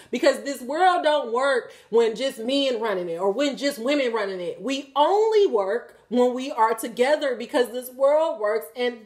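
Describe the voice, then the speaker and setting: A woman, speaking in a slightly high voice. She lectures her viewers bluntly and profanely, laughing as she goes. Her delivery keeps jumping between loud and quiet. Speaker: tarot reader and channel host. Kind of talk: candid spoken reading to viewers.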